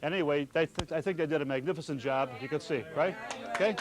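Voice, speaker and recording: An older man, speaking on the high side for a man as he tells warm-hearted stories about his restaurant. He addresses a room full of guests, and a loud party crowd chatters behind him. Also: quick pace. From Chicago. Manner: genial anecdotal storyteller, addresses the crowd. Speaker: restaurant owner hosting a party. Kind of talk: speech to party guests and interview answers.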